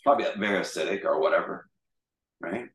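A man with a somewhat low voice leads a Bible study group in a chatty, joking way. He is recorded from across an echoey room. The mic sits well away from him. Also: quick pace, distant mic. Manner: chatty, jokey, animated retelling. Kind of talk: casual Bible teaching.

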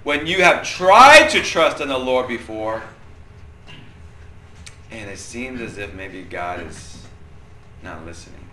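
A young adult man leading a church group discussion, conversational and animated, often asking questions. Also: mid-range voice, slow, long pauses, noisy background. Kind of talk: interactive church teaching.

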